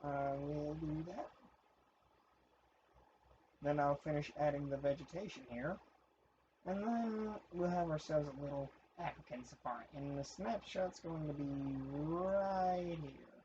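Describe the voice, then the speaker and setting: A man's voice: fairly high pitch, measured pace, warm tone, lo-fi sound, slight background noise. A man casually talking to himself as he builds a custom map in a game. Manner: chatty, talks to himself while building. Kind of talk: casual gameplay commentary.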